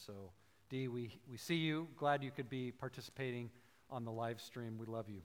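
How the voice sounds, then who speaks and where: A man's voice: mid-range voice, moderate pace. A man leading a church service, thanking speakers and reading out notes. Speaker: service leader. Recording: long church hall reverb.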